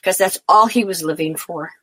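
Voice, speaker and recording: A woman's voice: lowish voice, normal speed, a bit bright, husky. A middle-aged woman, an interview guest, telling personal stories in a heartfelt, rambling way with frequent restarts. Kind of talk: casual interview storytelling.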